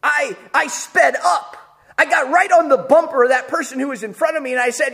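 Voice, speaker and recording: Animated high-voiced man preaching. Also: brisk, creaky. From Chicago area. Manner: animated storytelling, acts out quotes with big pitch jumps; repeats words when starting sentences. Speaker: pastor. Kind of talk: sermon.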